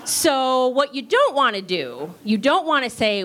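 A woman teaching improv in a chatty, casual way, swearing freely and acting out quick bits of dialogue. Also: high-pitched, very animated, a bit bright. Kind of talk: casual spoken lesson.

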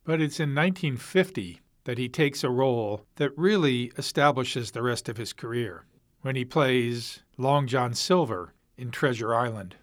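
A man narrating a documentary in a plain, even way, reading sources aloud. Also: mid-range voice, moderate pace, faint music behind.

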